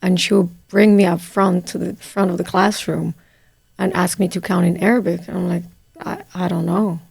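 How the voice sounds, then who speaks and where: A woman host from Morocco, telling a personal story in a relaxed, unhurried way with fillers. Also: fairly low pitch, creaky. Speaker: podcast host. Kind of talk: casual conversation.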